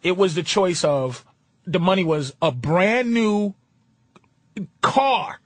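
A male guest comedian in a radio studio tells a story in a blunt, animated way. His pitch is high and swings widely as he acts out voices. His tone is husky and close, with a dry sound. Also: slow, no echo. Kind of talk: casual talk radio banter.

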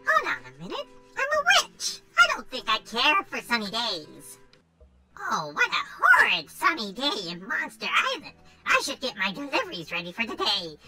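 A man's voice: extremely high pitch, wildly swooping pitch, moderate pace, loud music behind the voice, voice pushed up, full character voice. A man voicing a cheery young woman witch who dislikes sunny days, speaking in a theatrical, sing-song way.

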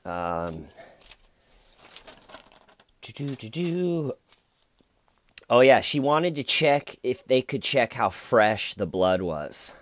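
Deep-voiced man giving casual true crime commentary. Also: takes it slowly, hardly any pauses, no room sound. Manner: animated, acts out quoted lines.

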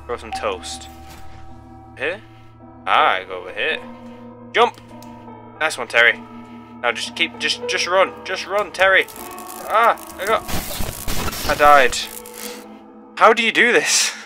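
Excitable young man gaming. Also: a little high, slow pace, long pauses, soft background music. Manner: excitable, yelps and pleads at the game. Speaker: gaming channel host. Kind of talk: let's play commentary.

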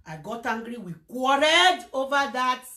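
A Nigerian woman talks to her followers in a high, lively voice, telling a personal story and dropping into Pidgin now and then. Her voice rings in an echoey room. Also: moderate pace. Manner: animated storytelling, slipping into Pidgin. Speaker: social media presenter. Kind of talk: casual livestream monologue.

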